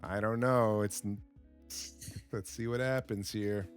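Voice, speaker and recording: A man giving a slow, simple English lesson as a voice-over on game footage, repeating words and reacting with excitement to the action. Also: lowish voice, smooth, soft background music. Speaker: English teacher.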